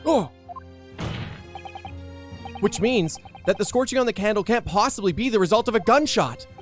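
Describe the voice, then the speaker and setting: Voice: medium pitch, animated, moderate pace, soft background music. A streamer playfully reading game dialogue aloud during a let's play and laughing often. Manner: laughs often, reads lines with dramatic flair.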